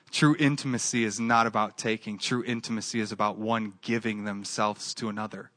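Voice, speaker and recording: A man's voice: mid-range voice, fairly bright tone, dry recording. A man preaching a sermon with an earnest, repetitive cadence, then leading a closing prayer. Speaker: pastor.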